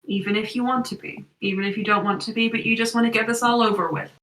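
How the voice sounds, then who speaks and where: A woman voicing a scheming male wizard villain who talks in a smooth, persuasive, condescending way. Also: mid-range voice, takes it slowly, fairly bright tone, echoey room, distant mic, rough recording.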